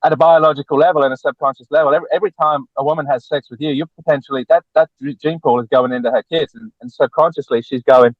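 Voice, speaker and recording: A man speaking as a relationship coach guest on a podcast, lecturing bluntly and forcefully, with lots of repetition. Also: a little high, steady tone, fast talker, few pauses, no echo. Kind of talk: podcast interview. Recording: tinny phone-like dry line.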